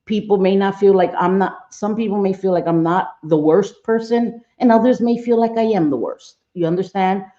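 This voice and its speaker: A woman's voice: medium pitch, normal speed, few pauses, mellow, muffled recording. A middle-aged woman hosting a casual livestream, chatting bluntly with viewers, cursing freely and often trailing off mid-thought. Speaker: livestream host.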